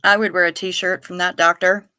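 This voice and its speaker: In a fairly low, clear, resonant voice with a sharp edge and little pitch movement, a middle-aged woman hosts a livestream at a moderate pace. She chats casually, reading viewer comments and adding dry, sardonic asides.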